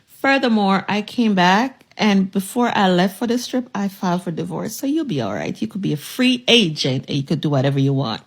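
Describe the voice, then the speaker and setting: A woman's voice: mid-range voice, animated, a little fast, vocal fry. A woman from the United States casually telling a personal story straight to her viewers, sassy and emphatic. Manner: sassy, emphatic, addresses listener directly.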